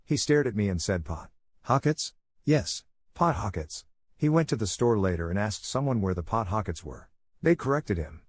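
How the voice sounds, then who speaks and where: A man narrating a string of online comments in a steady scripted read. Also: lowish voice, brisk, no room sound. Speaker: narrator reading reddit comments.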